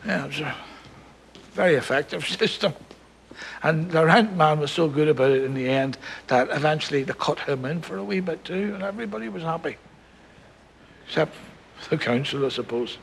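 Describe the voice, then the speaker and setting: An actor playing an older Northern Irish grandfather, gentle and wry, telling stories to his grandson. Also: a little high, normal speed, gravelly, long pauses, slight background noise, rough recording. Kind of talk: film drama.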